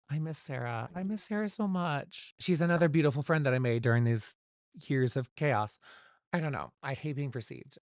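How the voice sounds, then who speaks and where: A man's voice: medium pitch, gravelly, no echo, clean studio sound. A man hosting his own solo podcast, chatting without a script in a rambling, candid way and swearing casually, recorded at home. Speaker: podcast host. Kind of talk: unscripted solo podcast chat.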